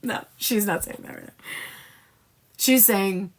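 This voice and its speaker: A woman's voice: mid-range voice, slow pace. A woman giving a live tarot reading in a casual, blunt way, speaking the messages of the card figures in the first person. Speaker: tarot reader.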